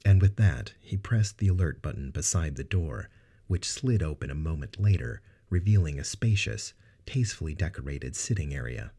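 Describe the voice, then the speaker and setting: Brief: low, dark-toned male narrator for sci-fi audio fiction. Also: animated, moderate pace, husky.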